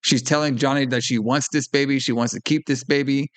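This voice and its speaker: Speaking briskly in a mid-range voice, a podcast co-host animatedly retells a film's plot in casual recap chat. He swears and performs the characters' lines himself.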